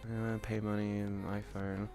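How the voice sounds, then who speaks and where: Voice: low voice, little pitch movement, a little slow, dark tone, faint music behind. A streamer in casual livestream chat, talking animatedly, swearing freely and often restarting sentences.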